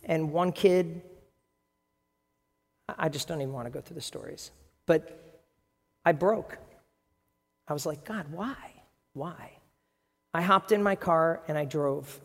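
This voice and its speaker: Earnest pastor preaching in a reverberant hall. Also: male voice, on the high side, a little slow, pauses often. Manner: earnest, emotional storytelling. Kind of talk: sermon.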